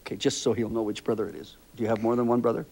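An older man hosting a children's TV show, gently interviewing young kids in a chatty, rambling, fatherly way. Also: mid-range voice, flat delivery, racing, slight background noise.

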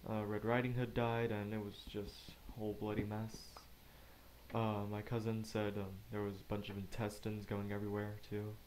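A man giving casual let's play commentary, rambling and talking to himself with quick asides. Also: mid-range voice, a little mellow, a little hiss or hum. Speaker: gamer narrating gameplay.

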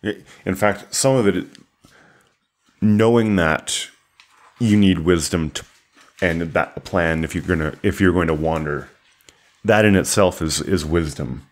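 Male podcast co-host, very deep voice, earnest and easygoing. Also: measured pace, pauses often. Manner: earnest, agreeable. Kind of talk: casual discussion.

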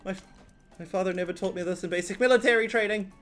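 Excitable man rambling over gameplay. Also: high voice, fast, faint music behind. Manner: rambling, excitable, swears often, laughs a lot. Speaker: gaming video host. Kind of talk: let's play commentary.

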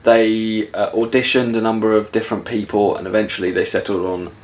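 Slightly fast and level in tone, this low-leaning male voice belongs to a vlog co-host in a casual chat. He hesitates often, using many fillers and starting sentences over.

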